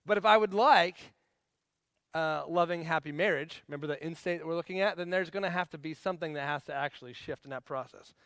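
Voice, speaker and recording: A man's voice: fairly high pitch, quick pace, a bit bright, clean tone, no echo, studio quality. A man in his forties teaching a marriage class in a casual, conversational way, acting out everyday scenes. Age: 40s.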